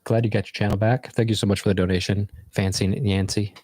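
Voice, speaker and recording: A man's voice: fairly low pitch, little pitch movement, quick pace, noisy background. A man hosting a livestream, chatting casually in a loose, rambling, reflective way. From United States. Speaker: livestream host.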